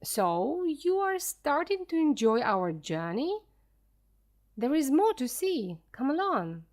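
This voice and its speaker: An eager old professor explorer, read aloud by a woman in a storybook reading. He explains things slowly and clearly, and his voice climbs high and swoops about. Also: big pitch swings, darkish tone, exaggerated voice. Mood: urging. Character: excited elderly male professor explorer.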